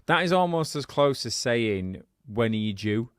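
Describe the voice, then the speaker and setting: A man's voice: medium pitch, lively intonation, normal speed, smooth, dry recording, studio quality. Giggly, rambling man podcaster. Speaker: podcast co-host. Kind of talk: casual podcast banter.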